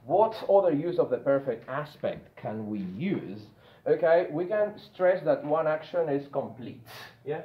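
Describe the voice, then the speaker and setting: A man teaching an English grammar lesson. He explains slowly, repeats and stresses key words one at a time, and keeps checking that the listener follows. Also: fairly high pitch, sing-song, reverberant, narrow, tinny audio.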